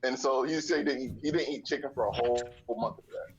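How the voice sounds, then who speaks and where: A man's voice: mid-range voice, fast talker, muffled recording, crowd noise. A man telling a funny family story in a casual group voice chat.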